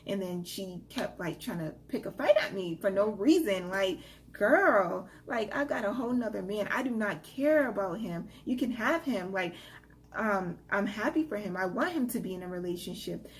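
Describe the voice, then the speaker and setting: A woman's voice: mid-range voice, moderate pace. Chatty young woman telling a story. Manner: casual, animated retelling with many fillers. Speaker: vlogger. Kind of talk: storytime vlog.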